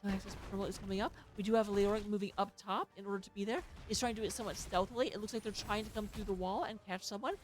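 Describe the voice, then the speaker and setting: A woman with a Southern US accent casting an esports match, rattling off stats and filling pauses. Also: mid-range voice, steady tone. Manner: rapid, filling dead air with stats. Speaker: esports caster. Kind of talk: play-by-play esports commentary.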